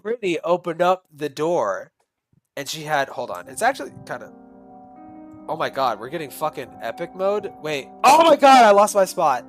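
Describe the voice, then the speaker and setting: A male streamer reading a creepy fan story aloud, animated and full of swearing asides. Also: a little high, moderate pace, faint music behind, poor audio.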